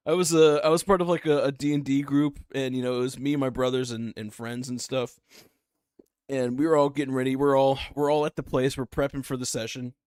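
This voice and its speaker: A man's voice: mid-range voice, steady tone, normal speed, long pauses, a little mellow, clean tone, no echo, studio quality. A man chatting casually while reacting to videos on his stream, rambling through stories with giggling asides.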